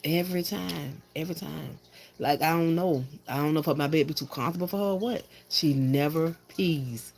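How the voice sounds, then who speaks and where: A woman's voice: deep voice, a little fast, hardly any pauses, darkish tone, slight background noise. A woman vlogging from her bedroom, chatting straight to her viewers in an exasperated, talkative way. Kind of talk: casual chat to viewers. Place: home bedroom.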